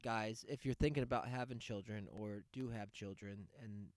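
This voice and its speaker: A man's voice: lowish voice, steady tone, normal speed, darkish tone, no echo, clean studio sound. A man hosting a podcast, going on a sarcastic, profane rant in a casual monologue. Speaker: podcast host.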